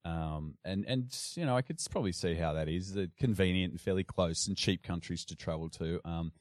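Deep-voiced Australian man, dry and close. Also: brisk, a little mellow, no echo. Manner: rambling, frequent restarts and fillers. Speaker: guest. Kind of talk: casual conversation.

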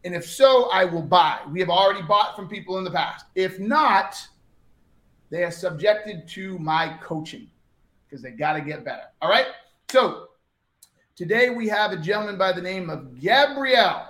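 A man's voice: high voice, animated, moderate pace, fairly bright tone. A man hosting a sales coaching show, talking in a brash, direct and upbeat way. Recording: echoey room.

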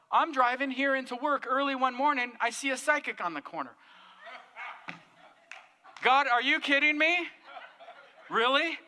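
A man preaching from the pulpit with a high, lifted voice. His tone is sharp and bright, with an edge of tension. He tells his story with animated emphasis. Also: in a large hall. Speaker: pastor. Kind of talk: sermon storytelling.

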